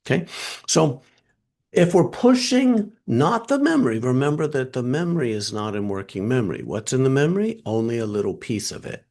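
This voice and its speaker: A man teaching a workshop over a video call, animated, posing questions and answering them himself. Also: medium pitch, normal speed. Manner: animated, asks and answers his own questions. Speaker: trainer.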